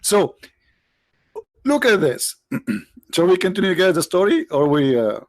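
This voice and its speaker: A man's voice: high voice, very animated, unhurried, dry recording, clean studio sound. A man hosting a live religious talk, joking and sarcastic, rambling to his viewers. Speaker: online show host.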